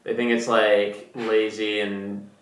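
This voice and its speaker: A young man from Brazil chatting casually, relaxed and rambling with fillers. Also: on the low side, slow. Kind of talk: casual chat. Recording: roomy echo.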